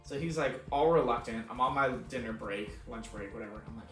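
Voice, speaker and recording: A man's voice: mid-range voice, fairly even intonation, fast talker, hardly any pauses, a bit bright. A young adult man, a podcast co-host, telling a casual story, laughing often, swearing and acting out his own lines. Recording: echoey room, far from mic, faint music.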